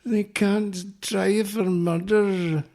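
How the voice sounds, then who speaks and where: A man putting on a Scottish accent as a rambling, excitable Scottish comedian. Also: high voice, slow, pitched above the performer's own voice. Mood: ranting.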